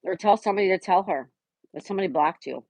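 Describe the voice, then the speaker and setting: A woman hosting a casual live stream, chatting and answering viewers by name, sometimes dropping to a soft whisper. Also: medium pitch, fast, no room sound.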